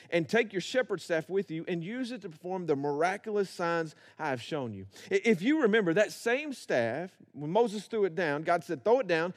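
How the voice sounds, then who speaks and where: A pastor delivers a sermon in a high, light voice. He acts out biblical voices and drives points home with rhythmic repetition.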